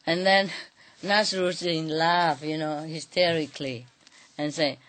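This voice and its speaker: Storyteller: woman, unhurried delivery, chatty asides, laughs along with the tale. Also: deep voice, steady tone, fairly bright tone. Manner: chuckling, conversational, asides with 'you know'. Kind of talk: oral folk-tale telling.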